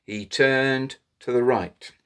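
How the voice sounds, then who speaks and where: A man telling a children's story in an animated way, inviting little listeners to join in. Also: mid-range voice, takes it slowly, clean tone. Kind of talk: interactive children's story reading.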